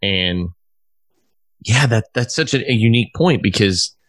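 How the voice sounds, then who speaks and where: A man with a lowish voice hosts a loose podcast conversation. He rambles, swears freely and restarts his sentences often. The sound is dry, with no room echo. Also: animated, unhurried, a bit bright. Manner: rambling and profane, with many restarts. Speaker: podcast host, musician. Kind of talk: casual chat.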